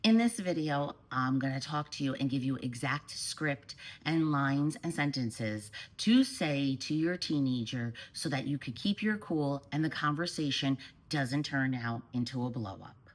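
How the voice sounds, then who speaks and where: Low-voiced woman parent coach. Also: a little slow, poor audio. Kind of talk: advice talk to camera.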